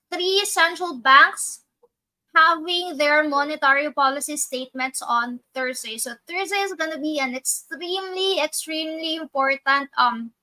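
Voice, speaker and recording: A woman's voice: high voice, pushed and bright, rough recording. A woman hosting a live trading session, walking through her chart step by step and correcting herself as she thinks aloud. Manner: methodical, thinks aloud with fillers and self-corrections. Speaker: trading educator.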